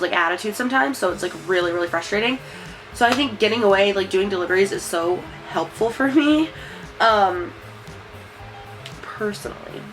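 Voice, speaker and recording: Young woman vlogger, casual rambling chat, mid pitch, faint music bed. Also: a bit bright, low-quality recording. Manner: chatty, rambling, many fillers and likes.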